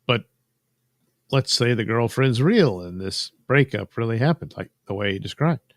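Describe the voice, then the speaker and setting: A man's voice: mid-range voice, lively intonation, normal speed, no echo. A man hosting a casual commentary while coloring drawings, rambling and sardonic, trailing off into fillers. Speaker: host.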